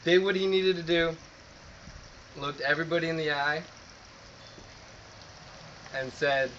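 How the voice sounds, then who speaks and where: Halting, earnest man giving a eulogy. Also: on the high side, bright, forceful tone, slight background noise. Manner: halting and earnest, with many restarts. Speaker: speaker at a memorial. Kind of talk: spoken eulogy. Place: memorial gathering indoors. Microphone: phone recording from the audience. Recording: muffled phone recording.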